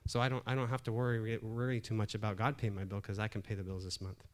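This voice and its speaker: A man's voice: fairly low pitch, flat delivery, quick pace. A middle-aged man preaching a sermon in a conversational way, often restarting phrases and building emphasis. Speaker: pastor.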